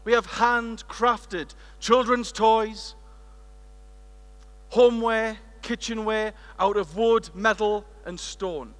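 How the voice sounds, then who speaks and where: A man's voice: high-pitched, fairly even intonation, slow. A British man voicing a proud middle-aged woman who owns a boutique shop and eagerly lists what it offers. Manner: eager, proud, listing details. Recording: echoey large hall.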